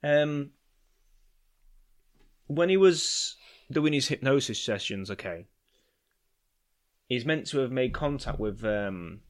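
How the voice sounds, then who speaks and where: British man, podcast co-host, casual rambling storyteller, foul-mouthed, mid pitch. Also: expressive, takes it slowly, pauses often. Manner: rambling storyteller, swears often, acts out voices in anecdotes. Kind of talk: casual chat.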